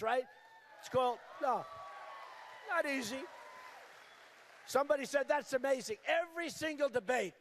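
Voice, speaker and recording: Emphatic older man at a rally. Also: very high voice. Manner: repetitive, emphatic, shouting at times. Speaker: political candidate. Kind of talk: campaign rally speech. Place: large rally venue.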